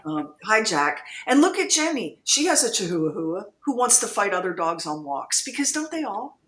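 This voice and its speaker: A woman co-host trades wry jokes and reads listener comments in a relaxed, conversational way. Her voice sits at a middle pitch and carries a roomy studio echo. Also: moderate pace. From United States. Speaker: radio co-host. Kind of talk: casual chat reading listener comments.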